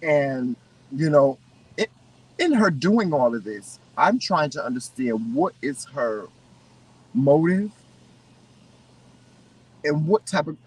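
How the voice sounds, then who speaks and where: A man co-hosting a casual chat, giving opinions in an animated way and often restarting his sentences. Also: on the high side, slow pace, long pauses, breathy edge, distant mic, low-quality recording. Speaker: co-host.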